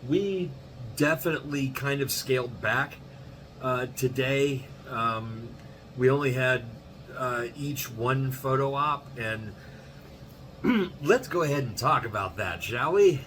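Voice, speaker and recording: Podcast guy recapping the day, really slow and laid back, lots of ums, faint noise behind. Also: mid-range voice, rough recording. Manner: relaxed, unhurried, filler-heavy. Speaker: podcast co-host. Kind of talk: casual recap.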